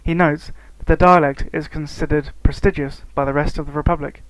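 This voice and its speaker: Guy reading out a lesson script, kinda high voice, dead dry close mic. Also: fairly even intonation, no room sound, rough recording. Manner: reads steadily from a prepared script, slowing on example words. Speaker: student narrator. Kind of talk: scripted educational narration.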